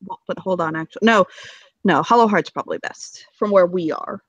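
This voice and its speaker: A player in a tabletop game, talking in an animated way with swearing and laughter. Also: medium pitch, a little fast, no echo. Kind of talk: casual tabletop game chat.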